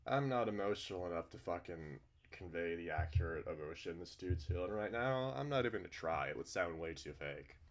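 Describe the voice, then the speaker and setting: A man's voice: deep voice, animated, fairly quick, hardly any pauses. A man reading a visual novel aloud for his channel and commenting between lines, prone to exasperated, profane outbursts. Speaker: let's-play host reading a visual novel. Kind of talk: read-through with commentary.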